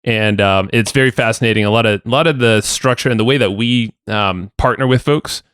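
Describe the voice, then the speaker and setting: A man's voice: fairly low pitch, a little fast, a bit bright, smooth, no echo, clean studio sound. A man co-hosting a podcast, chatting loosely and joking with his partner. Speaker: podcast co-host. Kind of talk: casual podcast banter.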